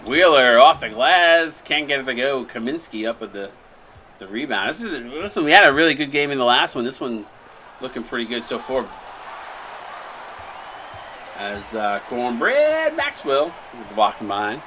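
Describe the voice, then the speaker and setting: This man's mid-range voice swings widely in pitch, pushed and bright, at a normal speed, with a little hiss or hum. He hosts a live stream and does play-by-play for a simulated basketball game, casually talking with a co-host and viewers while rambling and restarting lines.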